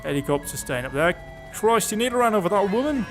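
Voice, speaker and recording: A young man giving chatty, sarcastic commentary over his own police-driving gameplay, with sudden excited outbursts. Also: high voice, fast, faint music behind. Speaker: gaming YouTuber.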